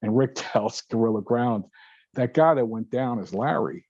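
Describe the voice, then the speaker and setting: An older man and guest pilot, telling a story in casual talk, animated and laughing often as he acts out other people's voices. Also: mid-range voice, normal speed, no echo. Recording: dull lo-fi sound.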